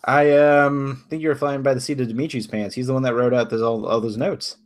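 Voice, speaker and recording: A man's voice: mid-range voice, steady tone, brisk. A man co-hosting a podcast in casual chat, hesitant with many ums and frequent chuckles. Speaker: podcast co-host.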